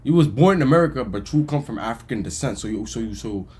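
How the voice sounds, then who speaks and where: Fast-talking insistent man arguing. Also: medium pitch, expressive, darkish tone, slightly rough. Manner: insistent, repetitive. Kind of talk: casual argument.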